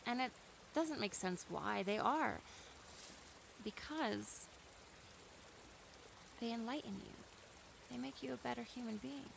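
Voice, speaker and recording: Speaking slowly with frequent pauses and vocal fry, this woman's voice sits on the high side against a noisy background. She's a vlogger musing casually to camera in nature, earnest and free-flowing, with occasional emphatic bursts.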